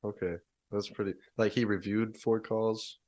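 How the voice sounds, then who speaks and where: A man's voice: on the low side, little pitch movement, normal speed, a little mellow. A man hosting a podcast, cutting in with brief follow-up questions in casual talk. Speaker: podcast host. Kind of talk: casual interview.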